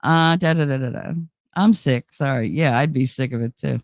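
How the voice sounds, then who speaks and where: A woman chatting casually on a livestream and answering viewer comments. She is blunt and profane and laughs often. Her voice has a gravelly fry, and the sound is dry and close. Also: very deep voice, normal speed, no room sound, dull audio. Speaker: livestream host. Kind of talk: casual chat, reading viewer chat.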